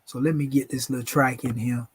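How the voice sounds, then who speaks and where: A man's voice: medium pitch, fairly even intonation, brisk, breathy edge. A man with a Southern US accent hosting a late-night livestream, reciting spiritual invocations in a preachy way and calling his listeners "family". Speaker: channel host.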